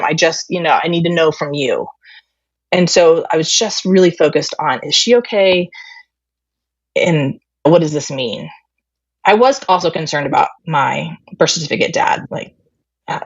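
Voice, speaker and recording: A woman's voice: fairly low pitch, no echo, highs cut off. A woman guest candidly recounting a family story, retelling conversations with lots of fillers. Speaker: interview guest. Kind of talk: personal storytelling.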